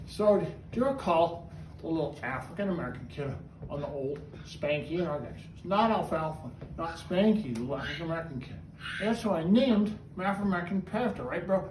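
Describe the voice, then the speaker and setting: A man talking to his pet bird in a casual home video, with a sing-song, coaxing way of speaking that drops to soft cooing. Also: a little high, lively intonation, quick pace, slight background noise. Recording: roomy echo, mic at a distance.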